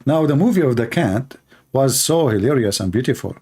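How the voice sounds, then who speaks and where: Male stream host, mid-range voice, sarcastic and animated rant. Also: medium pitch, fairly quick, slightly rough. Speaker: livestream debate host. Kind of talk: casual ranting commentary.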